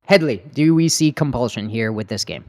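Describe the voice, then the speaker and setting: A man from Canada hosting a casual gaming podcast, upbeat, laughing often and firing off quick questions. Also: mid-range voice, expressive, a little mellow. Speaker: podcast host.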